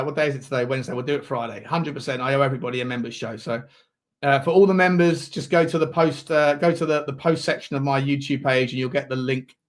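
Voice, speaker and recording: A man hosting a live football watchalong, calling the match and chatting to viewers, with sudden loud shouts when chances come. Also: medium pitch. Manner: excitable, shouts at big chances, chats to viewers.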